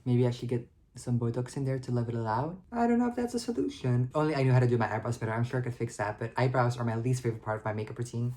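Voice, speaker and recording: A woman's voice: a bass voice, expressive, very fast, hardly any pauses, dark tone. A young woman in her twenties chatting casually to the camera in a vlog, self-deprecating and full of filler likes. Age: 20s. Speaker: vlogger.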